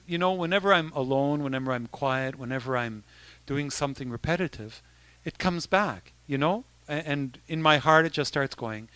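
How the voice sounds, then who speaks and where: A man's voice: a little high, moderate pace, bright, forceful tone, clean tone, no room sound. A man, a bishop, giving an informal talk to young people, conversational with frequent restarts. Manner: conversational, with many restarts and asides.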